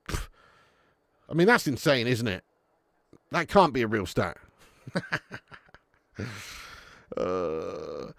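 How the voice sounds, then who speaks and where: Excitable man doing live football watch-along. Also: on the high side, no room sound, studio quality. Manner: excitable, swears freely, chats to viewers. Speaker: fan watch-along commentator.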